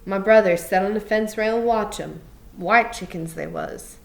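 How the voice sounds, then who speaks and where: A woman reading aloud, voicing a bitter, lonely older stable hand in a slow, brooding drawl. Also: medium pitch, creaky, natural voice. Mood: wistful, scornful.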